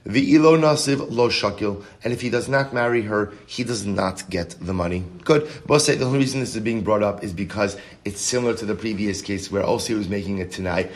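A man's voice: lowish voice, brisk, few pauses. A man teaching a Talmud class, reading the Aramaic text aloud and then explaining it in English with rhetorical questions.

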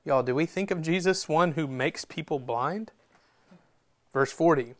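Pastor preaching conversationally. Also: male voice, fairly high pitch, unhurried. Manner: conversational, storytelling with voiced quotes and laughs. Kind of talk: sermon.

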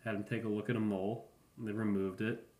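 A man in his thirties, a podcast host rambling through a casual comedic monologue with a deadpan, offhand manner and profane asides. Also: fairly low pitch, quick pace, roomy sound. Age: 30s.

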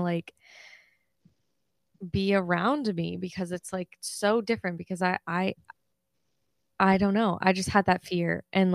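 A woman's voice: lowish voice, smooth, no room sound. A young woman co-hosting a podcast, talking in a rambling, earnest way with lots of "like". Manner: rambling, earnest, heavy use of "like". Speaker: podcast co-host. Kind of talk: casual chat.

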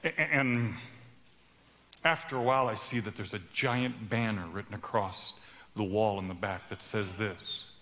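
Preacher guy acting out a story, bright voice, big pitch swings, echoey hall. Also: normal speed. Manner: dramatic, switches into character voices. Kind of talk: sermon with acted storytelling. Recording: long hall reverb.

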